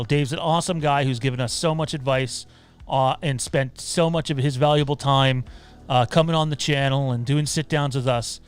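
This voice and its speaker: A man's voice: on the high side, clear, resonant tone. A man hosting a casual livestream from home, talking loosely with frequent fillers and some swearing. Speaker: podcast host. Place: home room.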